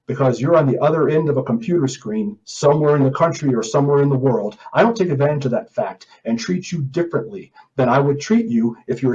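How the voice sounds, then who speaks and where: A man's voice: medium pitch, a little mellow, highs cut off. A man hosting an opinion podcast, talking in an indignant, emphatic way and reading out comments. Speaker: podcast host.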